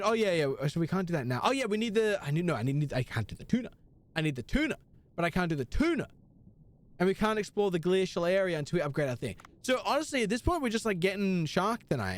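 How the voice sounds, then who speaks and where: A man's voice: sits high, very animated, fast talker. A young man streaming a video game live, chatting casually and playfully with his chat, slipping into jokey bits and mock pleading.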